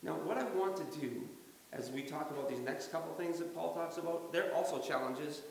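A man preaching a sermon as pastor in a church, animated, acting out quotes and chuckling often. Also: on the high side, fairly quick, vocal fry, a little hiss or hum. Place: church sanctuary during a service. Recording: very echoey hall reverb.

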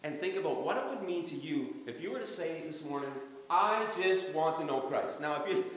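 A man preaches a sermon from the front of a church, his voice sitting a little high for a man. He is animated, acting out quotes and chuckling often as he goes. The sound carries a heavy, lingering hall reverb from the sanctuary. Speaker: pastor. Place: church sanctuary during a service.

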